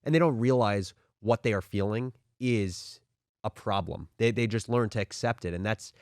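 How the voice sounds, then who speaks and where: A man's voice: on the low side, moderate pace, a little mellow, no room sound, clean studio sound. A man hosting a podcast interview, giving supportive replies and reflecting on the guest's words. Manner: supportive, brief agreeing replies. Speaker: podcast host. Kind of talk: interview conversation.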